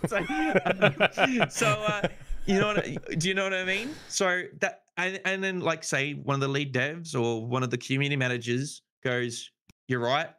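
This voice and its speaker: A man's voice: on the high side, fairly even intonation, fairly quick, few pauses, bright, forceful tone, clean tone. A man rambling in casual podcast chat, swearing freely and saying "you know" a lot. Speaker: podcast guest.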